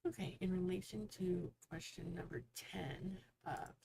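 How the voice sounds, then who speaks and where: A woman's voice: fairly low pitch, unhurried, creaky, mellow, slight background noise. A woman hosting a casual author livestream, chatty and telling jokes to viewers. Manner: chatty, joke-telling, reads viewer comments aloud.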